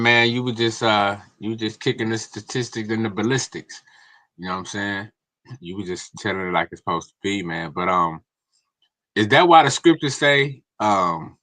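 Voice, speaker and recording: A man's voice: fairly low pitch, pushed and bright. A man in casual livestream chat, laid-back, often ending lines with "man".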